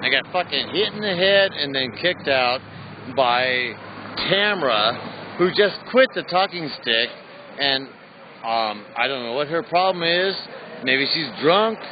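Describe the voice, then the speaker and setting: A man's voice: on the high side, expressive, slow. A tipsy man ranting angrily and profanely in a live phone stream outside a club at night. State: tipsy after a few drinks. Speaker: livestreamer. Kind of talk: angry live-stream rant. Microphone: phone held in hand. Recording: muffled phone audio with street noise.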